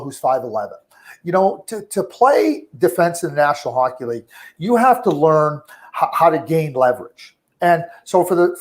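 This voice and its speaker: A middle-aged man with a slightly raised pitch talks hockey as an interview guest. He rambles, stumbles over repeated words, and perks up when he acts out quotes. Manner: talkative, repeats words and restarts, animated when quoting. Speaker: hockey scouting director, guest. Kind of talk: conversational radio interview.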